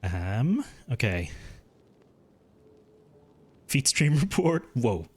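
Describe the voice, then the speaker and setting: A man's voice: mid-range voice, sing-song, drawn-out words, slightly rough. A man with a mild Irish accent, chatting casually and rambling while streaming a game, swearing freely. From Ireland. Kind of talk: casual live-stream chat while gaming.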